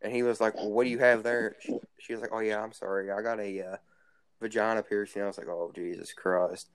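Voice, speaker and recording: A teenage boy spins crude, rambling stories and swears his way through a casual chat. His voice sits fairly low, and the sound is dry and close, with little room. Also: level tone, fast, clear, resonant tone, dry recording. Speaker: guest storyteller.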